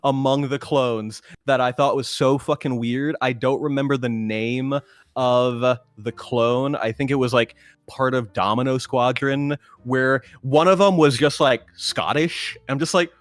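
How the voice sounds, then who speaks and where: A man's voice: medium pitch, steady tone, measured pace, no echo. A man who voice acts, a guest chatting casually over a voice call, swearing freely and laughing often. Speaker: guest voice actor. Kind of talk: casual chat.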